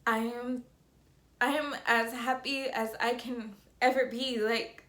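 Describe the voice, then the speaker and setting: Young woman vlogger, bright voice, chatty and breathless, emotional. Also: on the high side, takes it slowly, echoey room. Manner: chatty, tearful and excited, many fillers. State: slightly out of breath. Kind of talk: emotional personal vlog.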